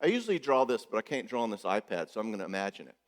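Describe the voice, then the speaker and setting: A man's voice: on the low side, big pitch swings, rapid-fire. A man gives a joking, conversational conference talk as a marriage therapist, often checking in with the audience. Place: church hall. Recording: echoey church hall.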